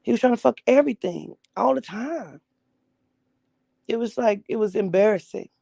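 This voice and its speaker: Woman, young adult, gravelly and dark-toned; blunt, profane personal storytelling. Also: fairly high pitch, expressive, normal speed, no echo. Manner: blunt, profane, acts out quoted voices. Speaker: vlogger telling her life story.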